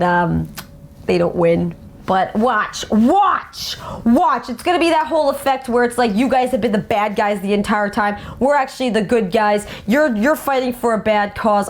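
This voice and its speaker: A young adult woman hosting a casual fan show about song lyrics, talking with animated enthusiasm. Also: mid-range voice. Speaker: host.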